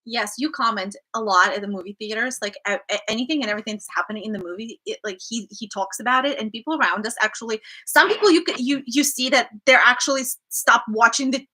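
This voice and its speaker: A woman's voice: on the high side, quick pace, hardly any pauses, pushed and bright. A woman co-hosting a casual question-and-answer chat, telling stories with plenty of laughter. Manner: chatty, laughing storyteller. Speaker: co-host.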